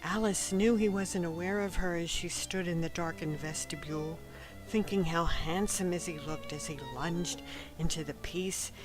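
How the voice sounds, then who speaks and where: A woman narrates a novel in a calm, scripted first-person telling. Her delivery is gentle and even, and sometimes sinks to a near-whisper. Faint music plays underneath. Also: on the low side, normal speed, rough recording. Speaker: audiobook narrator.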